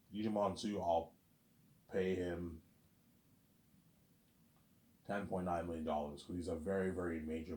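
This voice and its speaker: A man's voice: sits low, a little mellow. A man talking in a casual, rambling monologue, repeating himself and dropping in fillers like "obviously" as he goes. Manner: rambling and repetitive, lots of "obviously" and "you know what I'm saying". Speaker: vlogger. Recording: roomy echo.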